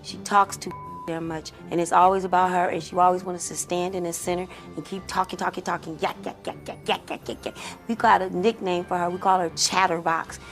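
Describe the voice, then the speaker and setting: A woman's voice: lowish voice, level tone, brisk, faint music behind. A young woman talking bluntly and gossiping in slangy speech, as a reality show contestant in a confessional interview.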